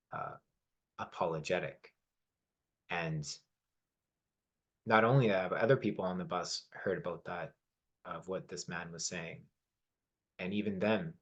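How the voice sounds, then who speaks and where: A man giving an earnest motivational lesson, with fillers and hesitations, leaning on key words. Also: sits low. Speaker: personal development teacher.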